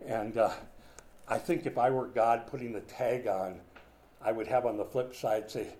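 A man's voice: medium pitch, fairly even intonation, moderate pace, a little mellow. An older man preaching a sermon in a conversational, folksy way, with chatty asides and small jokes. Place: room with a whiteboard.

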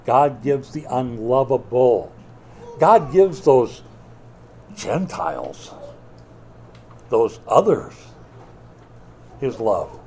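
A man preaching a sermon as pastor, swinging between loud emphatic bursts and quiet asides, with a wry, joking touch. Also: medium pitch, big pitch swings, very slow, pauses often, a little hiss or hum. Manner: wry, joking delivery with mock quotes.

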